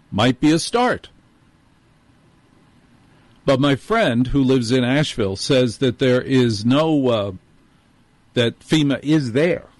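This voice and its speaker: Sarcastic gruff male show host. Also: medium pitch, no room sound. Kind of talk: sardonic monologue.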